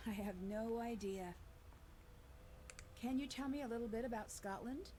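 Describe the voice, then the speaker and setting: A woman's voice: a little high, normal speed, dark tone, a little hiss or hum, lightly acted. An actress voicing a polite, guarded woman spy from the United States in a video game.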